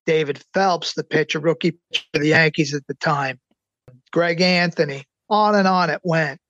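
A middle-aged man with a slightly high voice tells a personal story with eager, earnest excitement. He stretches out the key words to let the moments land. The sound is close and dry, with no room around it. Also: no room sound, muffled recording. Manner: excited, earnest, slows down for emphasis. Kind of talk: personal anecdote.

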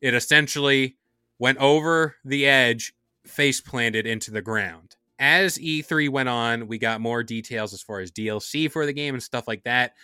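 A man hosting a casual gaming podcast, upbeat and playful, with quick asides. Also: medium pitch, sharp tone, clean tone, dry recording, clean studio sound. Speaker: podcast host.

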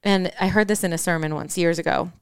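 A woman with a Midwestern American accent co-hosts a podcast in a reflective conversation. Her voice is very clear and sits on the low side, and she answers in a thoughtful, affirming way, with many soft agreeing sounds. The sound is dry and close. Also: fairly even intonation, quick pace, no echo. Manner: affirming, thoughtful, frequent mm-hmms. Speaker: podcast co-host.

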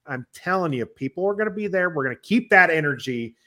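A man's voice: a little high, animated, fast, bright, forceful tone. A man hosting a sports podcast, steering the talk and closing out the show. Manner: wraps up the show, plugs the channel. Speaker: podcast host. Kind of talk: casual sports chat.

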